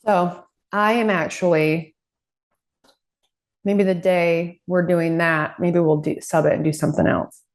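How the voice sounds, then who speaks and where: A woman co-hosting a podcast in a casual chat, calmly passing on practical things she has read. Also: lowish voice, unhurried. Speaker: podcast co-host.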